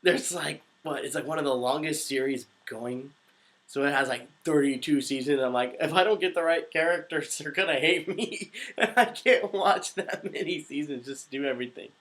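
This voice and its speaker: A man's voice: fairly high pitch, normal speed, fairly bright tone. A young man, a voice actor, chatting casually on a live stream, reading out viewer questions and laughing often. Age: young adult. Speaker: voice actor answering live chat.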